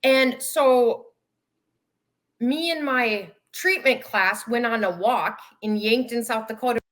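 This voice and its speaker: A woman tells her story as a guest, speaking on a video call. She is animated and acts out what others said. Her voice sits a touch high. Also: takes it slowly. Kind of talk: casual storytelling.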